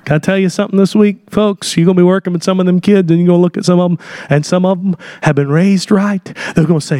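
A man preaching a sermon, building from plain talk into fervent shouted lines. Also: high-pitched, quick pace, hardly any pauses, no room sound, clean studio sound. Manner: impassioned, rising to shouts.

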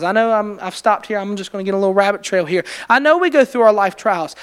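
A man's voice: high voice, clear, resonant tone. A man preaching a conversational sermon, asking his congregation questions and building to emphatic, rising passages. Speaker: preacher leading a Bible study.

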